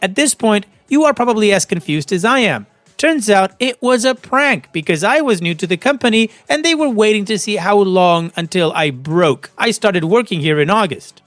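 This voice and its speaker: A man's voice: high-pitched, expressive, normal speed, few pauses, a bit bright, no room sound, soft background music. A man narrating online posts aloud and adding friendly, advice-giving commentary between them.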